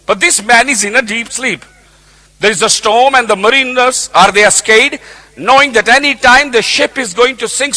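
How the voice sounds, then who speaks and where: A man's voice: very high voice, bright, forceful tone. A man preaching a sermon, emphatic and repeating his key points.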